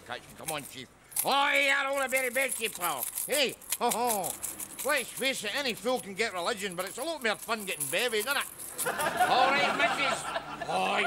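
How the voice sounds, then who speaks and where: A wheedling Glaswegian drunk. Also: male voice, high-pitched. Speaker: Rab, a street drunk. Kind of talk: sitcom acting. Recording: noisy TV soundtrack.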